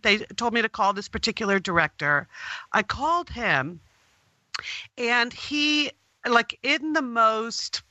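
A middle-aged woman telling a long story as a guest on an interview podcast, recounting events in an animated way. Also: on the high side, takes it slowly, dry recording, lo-fi sound.

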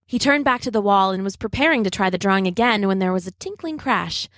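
A woman reading a children's adventure story aloud, steady and dramatic. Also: mid-range voice, fast talker, a little hiss or hum.

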